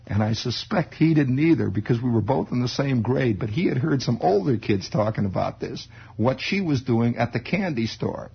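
A man telling a childhood story in a wry, animated way, often chuckling. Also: mid-range voice, normal speed, creaky, hardly any pauses, breathy edge. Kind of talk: spoken storytelling monologue. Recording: dull lo-fi recording.

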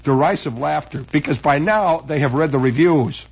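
A man telling a comic stage story, swinging from hushed asides to loud mock performance. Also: a little high, normal speed, vocal fry, noisy background.

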